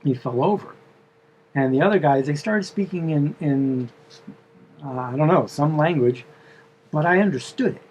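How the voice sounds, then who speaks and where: A man's voice: on the high side, moderate pace, pauses often, darkish tone, husky, lo-fi sound. A man telling the story of a dream in a casual, meandering way, full of fillers and asides.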